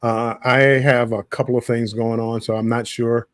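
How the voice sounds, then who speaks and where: A man's voice: medium pitch, level tone, moderate pace, clear, resonant tone, dry recording, studio quality. A man who is a guest on a casual live stream, talking hesitantly with repeated words and fillers.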